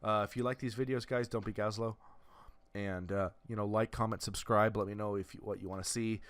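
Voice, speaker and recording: A man's voice: fairly low pitch, steady tone, a little fast, no echo. A man giving casual, analytical commentary over video game footage, often restarting and filling with "uh.". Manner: analytical, lots of restarts and fillers. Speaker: gameplay commentator.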